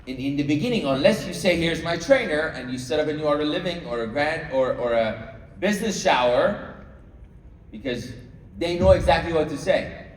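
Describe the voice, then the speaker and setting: A man's voice: on the high side, expressive, normal speed. Man coaching a crowd in an echoey hall. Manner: coaching, checks in with the audience often. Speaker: sales trainer. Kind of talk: live training talk to a room. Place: large room with an audience. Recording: echoey hall, mic far off.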